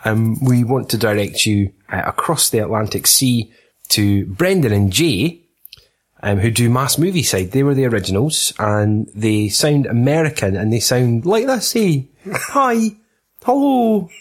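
A man's voice: fairly low pitch, moderate pace. A Scottish man hosting a film podcast in casual chat, full of giggly, sweary banter. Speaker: podcast host.

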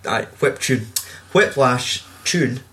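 Man, casual sweary film chat, mid-pitched. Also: animated, takes it slowly, sharp tone. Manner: swears a lot, acts out quotes in raised voices.

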